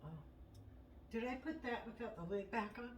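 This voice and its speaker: A woman's voice: a little high, normal speed. Chatty swearing woman cooking at home. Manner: chatty, blunt, swears casually, talks to herself while cooking. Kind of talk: casual kitchen chat. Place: home kitchen. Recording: distant mic with audible noise.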